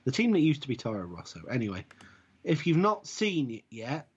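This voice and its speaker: A man co-hosting a podcast in a rambling, jokey manner, with a husky, breathy voice. The audio is dull and lo-fi, and his pitch sits mid-range. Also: sing-song, fairly quick. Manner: rambling, jokey, self-correcting. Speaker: podcast co-host. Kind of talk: casual chat.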